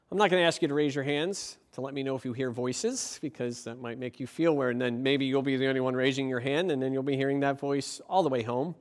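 High-voiced man preaching a sermon. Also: a little fast. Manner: preaching with rhetorical questions. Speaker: pastor.

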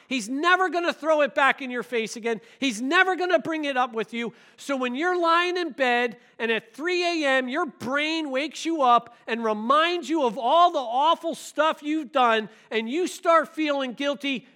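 A man preaching a sermon, animated and storytelling, swinging between loud emphasis and hushed asides. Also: very high-pitched, normal speed, few pauses. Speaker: pastor.

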